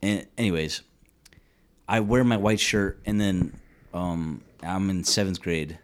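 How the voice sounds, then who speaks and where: A young man with a very deep, low voice joins a casual podcast conversation. He tells his anecdotes in a laid-back way, peppered with swearing. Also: fairly even intonation, a little slow. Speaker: podcast co-host. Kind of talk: casual chat.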